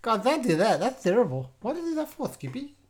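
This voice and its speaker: A woman's voice: fairly high pitch, very animated, fairly quick. A woman voicing a boastful, mischievous eight-year-old boy who hosts a comedy podcast. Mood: bratty. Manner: bratty and boastful, giggly, loud outbursts. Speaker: podcast host. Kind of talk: comedic improvised character podcast.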